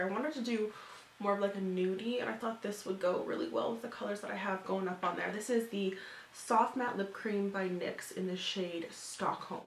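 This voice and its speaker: A woman's voice: mid-range voice, vocal fry, a bit bright, echoey room, a little hiss or hum. A woman in her twenties, a beauty vlogger, chatting casually through a makeup tutorial with lots of fillers. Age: 20s. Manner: chatty, filler-heavy, upbeat.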